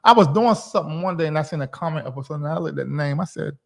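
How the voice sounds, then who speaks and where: A man in his forties from the South, chatting casually on his livestream in a rambling, animated way. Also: on the high side, rapid-fire, creaky. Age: 40s. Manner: rambling, animated, talks to chat viewers by name. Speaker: livestream host.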